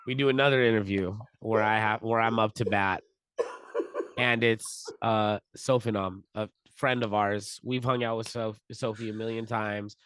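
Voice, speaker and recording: A man hosting a podcast, telling stories in an animated, self-deprecating way. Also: fairly low pitch, moderate pace, smooth, dry recording. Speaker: podcast co-host. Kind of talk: casual storytelling chat.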